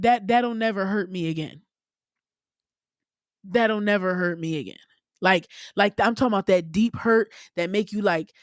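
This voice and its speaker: A woman hosting her own podcast, talking candidly and with plenty of profanity, her voice leaping up in pitch when she gets worked up. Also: no room sound, studio quality. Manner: candid, profane, animated storytelling with sudden pitch jumps. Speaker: podcast host. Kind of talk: casual solo podcast monologue.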